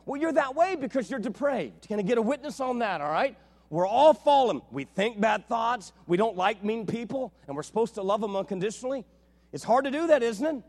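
A man in his thirties preaching a sermon, animated, swinging between hushed and loud, with homey family stories. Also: extremely high pitch, fast. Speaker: pastor. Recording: hall reverb.

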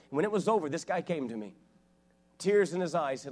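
A man's voice: a little high, expressive. Fervent male preacher telling stories. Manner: earnest, rising to fervent and loud; halting restarts and repeated words. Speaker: guest preacher. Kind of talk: sermon with personal storytelling. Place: church, live before a congregation.

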